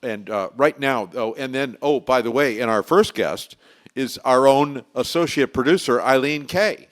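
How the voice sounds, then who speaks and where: A man hosting a recovery talk show with an ordinary mid-pitched voice. He rambles, backtracks and trips over names as he talks to viewers. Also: measured pace. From Florida. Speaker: host.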